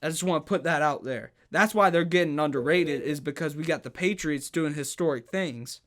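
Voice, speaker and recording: Guy with a high voice on a sports podcast, all worked up, stumbling over his words. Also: a little fast, fairly bright tone. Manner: stammers and restarts, emphatic rhetorical questions. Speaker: podcast host. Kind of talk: heated sports talk.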